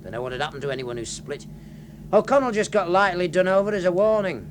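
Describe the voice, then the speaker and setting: An actor playing a wry, shrewd ship's officer in a radio drama. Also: male voice, high-pitched, animated, quick pace, slight background noise. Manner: dry and knowing. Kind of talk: 1970s radio drama acting.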